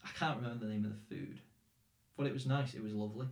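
Podcast host, young Northern English man, lowish voice, loose rambling chat in a roomy space. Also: fairly even intonation, very fast, creaky. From England. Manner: rambling, swears, laughs often. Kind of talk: casual chat.

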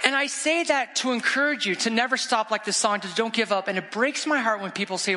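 A middle-aged man, a guest evangelist, preaching an animated, exclamatory storytelling sermon in a church sanctuary. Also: extremely high pitch, fairly quick, few pauses, slight background noise. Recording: long church reverb.

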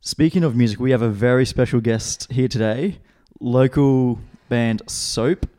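A man's voice: medium pitch, a little slow, mellow. Upbeat young man hosting. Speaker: podcast host. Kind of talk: casual interview chat.

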